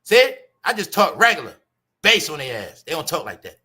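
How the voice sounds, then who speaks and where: High bright New man chatting. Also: moderate pace. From New York. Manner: animated, addresses audience as y'all, mimics voices. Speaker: commentary show host. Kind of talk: casual celebrity gossip commentary.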